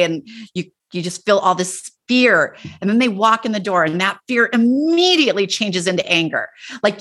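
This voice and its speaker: A woman in her fifties, a guest in a casual conversation, talking earnestly and telling stories with lively asides. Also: mid-range voice, moderate pace.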